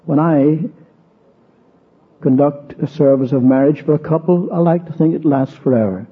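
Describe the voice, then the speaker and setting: A man with a slightly high, husky voice speaks at a moderate pace in an expository sermon on a tinny, narrow-band old recording. He goes through the verses, hitting repeated words hard, and then recounts a personal story.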